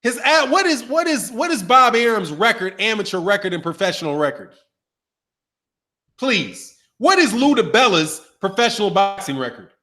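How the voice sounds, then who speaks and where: A man commentating on boxing in a casual, animated rant, repeating himself and trash-talking. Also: high voice, normal speed.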